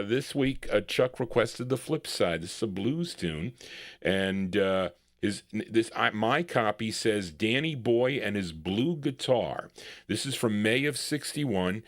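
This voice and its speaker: A man's voice: mid-range voice, no echo, studio quality. A man hosting a live record show, introducing songs in casual, rambling patter and chuckling at himself. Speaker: radio-style record show host.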